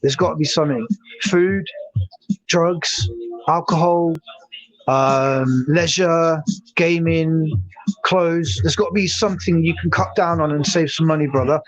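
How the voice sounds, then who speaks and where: A man's voice: fairly high pitch, steady tone, slow pace. A man, hosting a casual livestream, rambling and swearing as he chats with viewers. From England. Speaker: livestream host. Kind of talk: casual live chat.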